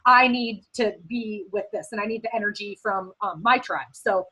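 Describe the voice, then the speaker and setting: A woman's voice: mid-range voice, moderate pace, pushed and bright, slightly rough, low-quality recording. A woman speaking casually and earnestly on a team video call, giving encouraging advice with many fillers and at times close to tears.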